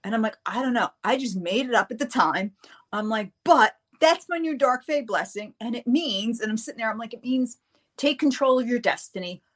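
A woman author, a guest on an interview show, telling a story with energy and acting out the voices of the people in it. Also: fairly quick. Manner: lively, acts out the people in her story with big pitch jumps.

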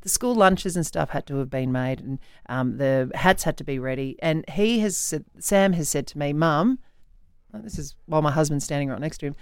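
Aussie woman radio host, fed up and animated, smooth clear voice, dry studio sound. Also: low-pitched, normal speed, dry recording. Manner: exasperated, animated storytelling. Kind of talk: breakfast radio banter.

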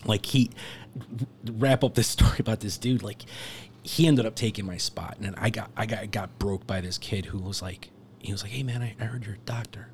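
A man's voice: fairly low pitch, steady tone, normal speed, darkish tone, a little hiss or hum. A man telling a long casual story as a podcast guest, rambling through filler words and laughing now and then. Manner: laughs while telling stories.

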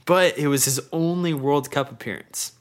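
A man co-hosting a casual talk show, relating facts in a relaxed way and laughing often. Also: on the high side, moderate pace. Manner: laid-back storyteller, reads facts and laughs often. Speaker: podcast co-host. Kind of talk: casual chat.

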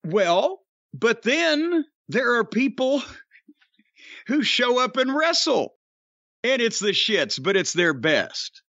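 A man hosting a podcast, gruff and profane, trading wisecracks in casual banter. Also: extremely high pitch, big pitch swings, slow, bright, forceful tone, no echo. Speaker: podcast host. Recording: dry, dull lo-fi sound.

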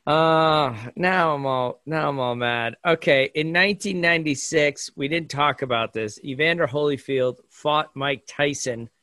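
Male co-host, bright tone, close dry mic, conversational. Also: a little high, a little slow, few pauses, no room sound. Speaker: podcast co-host. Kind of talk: casual chat.

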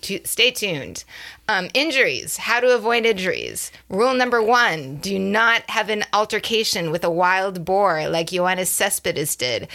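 A woman co-hosts a podcast in an easy, chatty way, laughing often and correcting herself as she goes. Her voice has a bright edge with a gravelly fry. She sits at a middle pitch. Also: lively intonation, a little slow. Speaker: podcast co-host. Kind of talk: casual chat about baseball.

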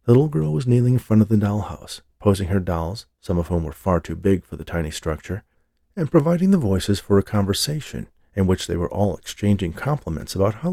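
A man narrates a novel in a steady, measured way. His voice is very low, with a gravelly edge and a dark, mellow color. He is recorded close on a dry studio mic. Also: dry recording. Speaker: audiobook narrator. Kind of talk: scripted narration.

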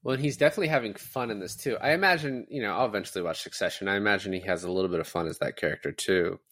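A man co-hosting a podcast who talks quickly and argues his point in casual movie chat, trailing off with filler words. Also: fairly low pitch, a bit bright. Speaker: podcast co-host.

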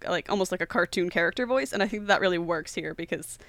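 A mid-pitched podcast co-host speaks in a dry, close-sounding space. The talk is casual and enthusiastic, full of fillers and little giggles as they describe scenes. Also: quick pace, a bit bright, no room sound. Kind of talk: casual movie discussion chat.

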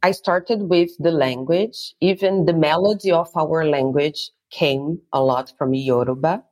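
A woman tour guide with a Brazilian Portuguese accent talks through her explanations at a very leisurely pace. Her voice sits on the lower side for a woman, and it lifts on the words she wants to stress. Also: measured pace, a little mellow. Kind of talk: interview conversation.

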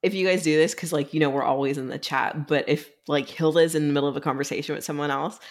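A woman's voice: sits low, steady tone, fast. A woman co-hosting a casual book podcast, chatting with wry, joking asides. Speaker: podcast co-host.

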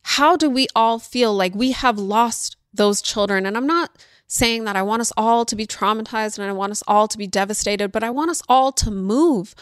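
A woman's voice: on the high side, normal speed, dry recording, studio quality. A woman hosting a podcast, talking on her own in an earnest, emotional way and speeding up when she retells tense moments. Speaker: podcast host. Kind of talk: reflective solo talk.

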